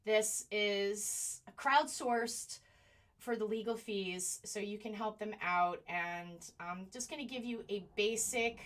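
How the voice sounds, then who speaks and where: A woman's voice: mid-range voice, takes it slowly. A woman hosting a live-streamed commentary show. She is indignant at times and keeps apologizing while she fumbles with her computer. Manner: animated, indignant. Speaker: online show host.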